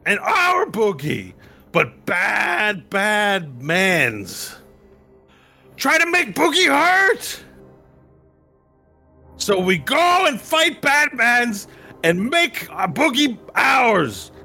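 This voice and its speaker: A man voicing a boastful, war-hungry goblin king who shouts in broken speech. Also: high-pitched, wildly swooping pitch, very slow, gravelly, long pauses, slightly rough, soft background music, pitched above the performer's own voice, full character voice.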